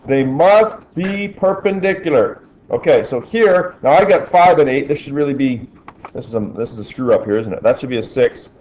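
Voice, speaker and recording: A man's voice: medium pitch, moderate pace, darkish tone, highs cut off, a little hiss or hum. A male teacher in a classroom, talking through problems and asking the class questions as he works. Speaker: physics teacher.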